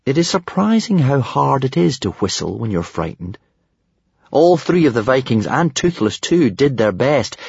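A man reading a children's adventure book aloud in an expressive way, talking directly to the reader. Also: medium pitch, husky, no room sound. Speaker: audiobook narrator. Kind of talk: scripted storybook narration. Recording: dry, slightly dull recording.

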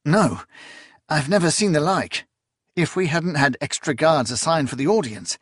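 A man voicing a massive guard captain who reports in a measured, grave way. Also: a little high, animated, slightly rough, no echo, clean studio sound, pitched above the performer's own voice.

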